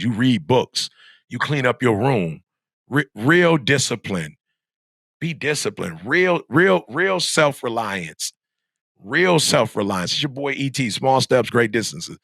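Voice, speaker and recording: A man's voice: mid-range voice, lively intonation, a little slow, fairly bright tone, no room sound, clean studio sound. A middle-aged man giving an emphatic, repetitive motivational talk to young students, like a preacher. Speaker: motivational speaker.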